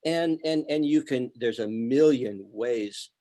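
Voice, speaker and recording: A man in a photography club talk, giving feedback in a halting way, repeating words as he goes. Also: medium pitch, mellow. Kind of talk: casual club discussion. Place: online club meeting.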